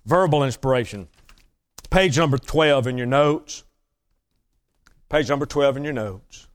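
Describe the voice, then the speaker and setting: A man's voice: mid-range voice, measured pace. A man preaching a teaching sermon to a congregation, emphatic and repeating his key phrases.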